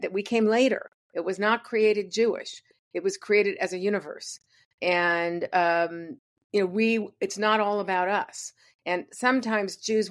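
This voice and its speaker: An older woman speaks as a guest in a conversational interview, with a voice in the middle of the usual range. She talks earnestly and thoughtfully and often stops to search for the right word. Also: mid-range voice.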